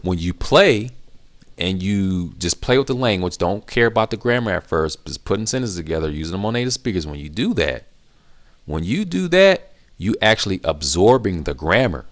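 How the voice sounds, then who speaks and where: A man's voice: low-pitched, brisk. A middle-aged man hosting a casual question-and-answer video, giving emphatic advice that he repeats for stress. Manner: emphatic, repetitive, animated when acting out reactions. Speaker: language-learning channel host.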